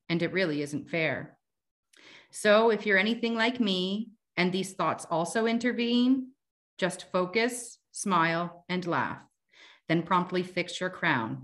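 Bright-voiced woman reading her own poems. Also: on the low side. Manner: chatty, fillers like "like" and "um". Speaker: guest poet. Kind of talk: casual chat and reading her own rhyming poems aloud.

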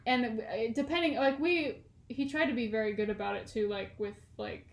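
A woman's voice: on the high side, moderate pace, vocal fry. Chatty young woman in an echoey room. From California. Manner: chatty and rambling, many "like" fillers, laughs often. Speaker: podcast co-host. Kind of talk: casual chat.

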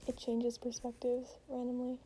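A young woman reads fan fiction aloud, slipping into whispers and dry asides. Her voice sits high but stays flat and mellow. A faint hiss runs underneath. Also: normal speed, low-quality recording. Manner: often whispering, deadpan asides. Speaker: reader. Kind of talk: mock-dramatic reading of fan fiction.

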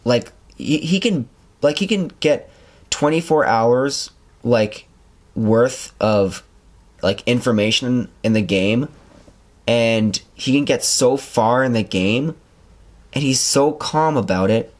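A man's voice: mid-range voice, takes it slowly. A young man hosting a podcast, telling stories in a rambling casual chat with lots of fillers. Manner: rambling, animated storytelling with many fillers. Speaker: podcast host.

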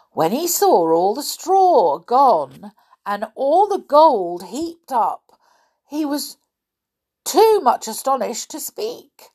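Slow expressive breathy woman storyteller. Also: medium pitch. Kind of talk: fairy-tale read-aloud.

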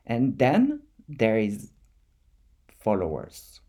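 A man with a French accent speaks in a slow, unhurried way. His voice is mellow and soft-edged. He shares an artist's reflective monologue, often stopping to repeat a word while he hunts for the next one. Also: lowish voice, wildly swooping pitch. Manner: thoughtful, halting, repeats words while searching for them. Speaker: artist vlogger.

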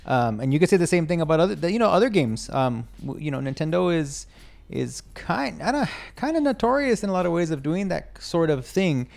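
A man's voice: a little high, very animated, brisk, creaky, a little mellow. A man in casual gaming chat, rambling with many restarts and asking "you know what I mean". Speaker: podcast co-host.

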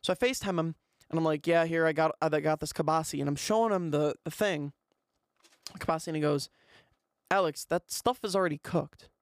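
Rambling young guy, gravelly podcast voice. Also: a little high, fairly quick, no echo, studio quality. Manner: rambling, animated, heavy on "like". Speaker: podcast host. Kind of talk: casual storytelling monologue.

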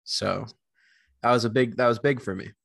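A man talking as co-host of a casual podcast, rambling and poking fun at himself, then jumping into animated bursts. His voice sits at middling pitch and sounds close and dry, with no room echo. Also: moderate pace, vocal fry.

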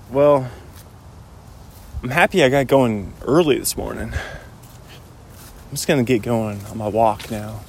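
A man rambling casually in a solo podcast while walking outdoors, with a lot of "like"s. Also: mid-range voice. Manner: rambling, chatty, many "like"s. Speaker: podcast host.

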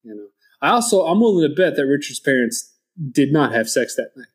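A man's voice: mid-range voice, sing-song, a little fast. A man co-hosting a podcast about a movie, blunt and sarcastic, swearing freely. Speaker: podcast co-host. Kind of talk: casual movie recap chat.

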